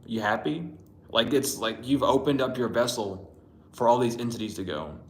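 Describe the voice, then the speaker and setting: In a roomy, echoing space with slight background noise, a man with a mid-range voice speaks at a moderate pace. He's giving a casual spiritual tarot reading, talking bluntly, swearing often and rambling.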